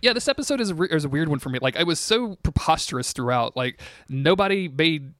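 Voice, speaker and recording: A man's voice: fairly high pitch, animated, fast talker, fairly bright tone, dry recording, studio quality. A man co-hosting a podcast, recapping a TV episode in casual chat, rambling with restarts, laughs and swearing. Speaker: podcast co-host.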